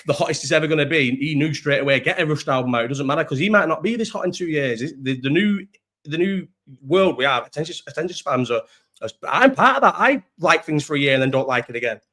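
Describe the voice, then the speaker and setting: A young Scouse man talks at a quick clip on his live stream, tumbling through loose, rambling thoughts. His voice sits a little high for a man, and he swears freely and keeps starting over mid-sentence. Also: animated, pushed and bright. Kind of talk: casual live-stream chat.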